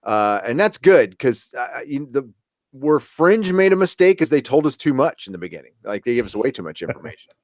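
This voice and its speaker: A man with a mid-range voice, musing in relaxed podcast talk. He often hesitates and restarts his sentences between chuckles. The sound is dry and close-miked. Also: mid-range voice, fairly quick, no room sound. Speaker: podcast co-host. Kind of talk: casual chat reviewing a TV episode.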